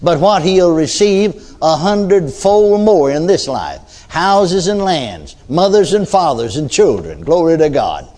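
A man's voice: on the high side, very animated, a little slow, hardly any pauses, dark tone. An older man preaching a sermon in a folksy storytelling way, often adding amens and hallelujahs.

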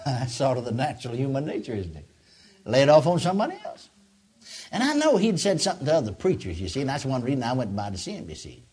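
An older man preaching a sermon, telling a story and acting out the voices in it, with a husky voice. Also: medium pitch, fast talker. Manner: animated, acts out quotes, drops to soft tones, chuckles often.

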